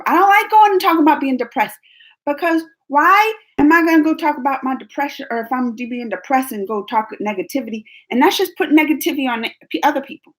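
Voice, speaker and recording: A young adult woman hosting her channel answers viewer questions in a casual livestream chat, her voice sitting high and her pace quick. Animated and talkative, she laughs often and keeps restarting sentences.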